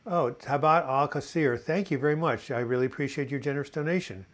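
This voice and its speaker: A man's voice: fairly high pitch, a little fast. A man in his sixties hosting a casual live video chat, reading viewer comments and telling corny jokes and puns. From United States. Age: 60s. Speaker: host of a live video chat on mental health.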